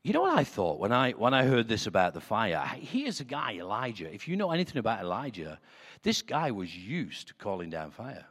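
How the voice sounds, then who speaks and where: A man preaching a sermon with passion, moving between hushed, prayerful lines and loud declarations. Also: lowish voice, huge pitch swings, brisk, few pauses, husky, big-room sound.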